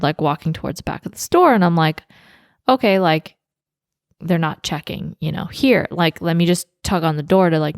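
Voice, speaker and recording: A woman co-hosting a podcast in casual chat, with a fairly low voice. She tells a story and acts out both sides of it. The sound is dry and close. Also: dry recording. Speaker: podcast co-host.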